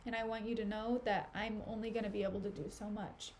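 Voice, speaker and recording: A woman's voice: medium pitch, flat delivery, fast talker, a little mellow, slight background noise, lightly acted. Desdemona, a woman reading as an earnest young noblewoman. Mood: apologetic.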